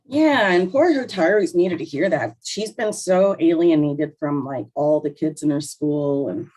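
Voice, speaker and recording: A woman's voice: low-pitched, a little slow, a little mellow, rough recording. A woman co-hosting a podcast, chatting casually and filling her talk with "like". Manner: chatty, heavy use of "like", eating cookies while talking. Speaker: podcast co-host. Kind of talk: casual chat.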